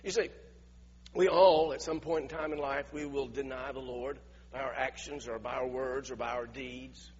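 A man's voice: mid-range voice, fairly even intonation, normal speed, a little mellow, breathy edge, big-room sound, muffled recording. A male preacher giving a conversational sermon, asking his listeners questions as he retells a scripture passage. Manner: conversational, asks the audience questions.

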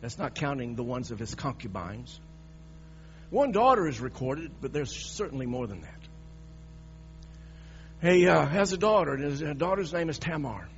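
A man's voice: mid-range voice, very animated, normal speed, long pauses. A man preaching a sermon in an emphatic, dramatic way, often restarting his sentences. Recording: dull recording with mains hum.

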